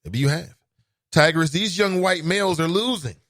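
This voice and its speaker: Pitched on the high side with a slightly bright tone, a man talks at normal speed, recorded at studio quality with no room sound. Hosting a call-in talk show in his Cincinnati, Ohio accent, he chats in a relaxed way and greets listener comments with exclamations and laughter.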